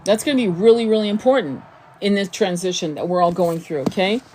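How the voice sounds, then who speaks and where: A woman's voice: medium pitch, brisk, a little mellow, slightly rough. A woman talking to her viewers as a spiritual coach and tarot reader, earnest and rambling, often repeating words as she restarts her sentences. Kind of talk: casual spiritual teaching monologue.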